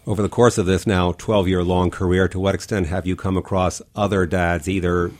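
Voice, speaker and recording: Deep-voiced male interviewer. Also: flat delivery. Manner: measured, articulate. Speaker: interview host. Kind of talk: interview questions.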